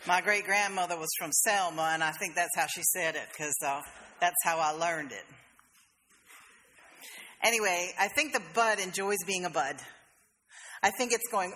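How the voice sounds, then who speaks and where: A woman's voice: fairly low pitch, normal speed, long pauses, bright, forceful tone, in a large hall, a little hiss or hum. A woman pastor, preaching a sermon in a conversational, storytelling way with playful asides. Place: church sanctuary.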